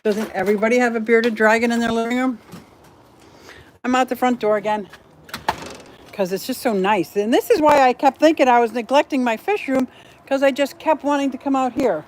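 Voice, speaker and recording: A woman's voice: fairly high pitch, brisk, darkish tone. Woman, casual vlog, chatty and giggly, handheld camera, faint outdoor noise. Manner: chatty, giggly, talks to her pets and viewers. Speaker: fish keeping channel host. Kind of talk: casual home tour vlog. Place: walking around a house and front yard.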